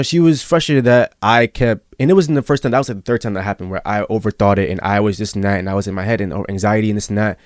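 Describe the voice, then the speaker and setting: A man's voice: fairly low pitch, a little mellow, no room sound, studio quality. A young man hosting a podcast in casual chat, earnest and rambling as he tells a personal story. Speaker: podcast host.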